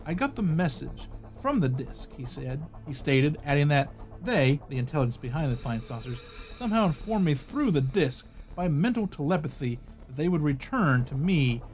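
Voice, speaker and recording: A man's voice: a little high, animated, moderate pace, darkish tone. A man hosting a podcast, reading an article aloud and breaking in with casual asides and small restarts. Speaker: podcast host.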